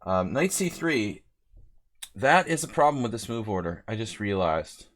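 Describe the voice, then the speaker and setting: A man's voice: on the low side, sing-song, normal speed. A man streaming chess live, rambling chattily between moves and reading out viewer names in casual commentary. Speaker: chess streamer playing a simul. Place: lives in Hungary.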